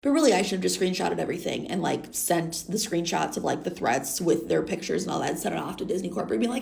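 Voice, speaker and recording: A woman's voice: on the low side, lively intonation, quick pace, gravelly, a little mellow. A woman in her thirties with a congested, stuffy nose, telling a story to her phone camera in a chatty, blunt way and swearing freely. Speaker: content creator. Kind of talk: casual storytime vlog. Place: indoors, green-screen setup.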